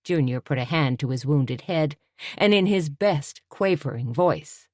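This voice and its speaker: A woman narrating an audiobook in a steady, even way. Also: deep voice, unhurried, dry recording, clean studio sound.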